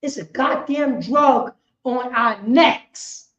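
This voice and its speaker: Fiery, shouting New York woman preacher. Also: high voice, takes it slowly. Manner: loud, impassioned, shouts and swears. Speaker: class teacher. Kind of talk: fiery street-style religious teaching. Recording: roomy, dull lo-fi stream audio.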